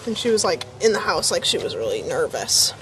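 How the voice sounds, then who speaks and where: A woman's voice: on the low side, sing-song, brisk, a bit bright, a little hiss or hum. A woman live-streaming from her phone at home, chatting casually to her viewers and her dog as she grills. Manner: chatty, rambling, talks to her dog and chat.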